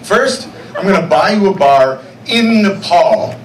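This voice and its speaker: A young man performing a stand-up comedy set on a club stage, with deadpan asides and checks on the crowd. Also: high voice, unhurried. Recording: echoey club sound from far off. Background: audience noise.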